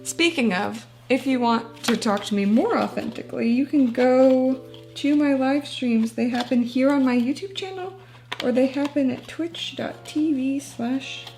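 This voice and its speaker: A woman's voice: fairly high pitch, darkish tone. Chatty woman journaling and laughing. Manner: chatty, self-deprecating, laughs often. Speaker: booktuber. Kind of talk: casual chat while crafting.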